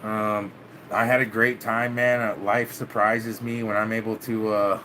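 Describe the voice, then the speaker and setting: A man's voice: lowish voice, little pitch movement, unhurried, noisy background. A man hosting his own channel, chatting casually with viewers, loose and laid-back, dropping "man" and swearing often. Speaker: channel host. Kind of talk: casual vlog chat with live viewers.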